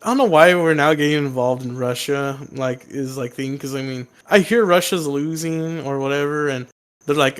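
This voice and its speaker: A man's voice: mid-range voice, normal speed, clean tone. A man co-hosting a podcast in casual chat, rambling and profane, laughing and acting out quotes. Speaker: podcast co-host.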